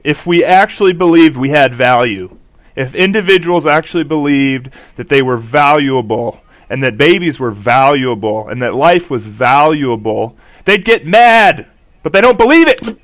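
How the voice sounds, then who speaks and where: An earnest male co-host of a religious talk show speaks emphatically, his pitch rising and falling in a lively way. The sound is dry and close. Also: moderate pace, no echo.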